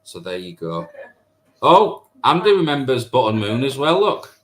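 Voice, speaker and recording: This is a live stream host in his thirties who chats with his audience and pokes fun at them while going over their comments. His mid-range voice has a sing-song lilt, a fairly bright tone, and a measured pace.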